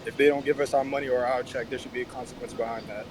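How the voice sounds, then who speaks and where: A man's voice: mid-range voice, steady tone, very fast. A man calling into an online chat room, making his point in a matter-of-fact way. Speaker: caller. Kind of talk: casual chat. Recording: noisy background.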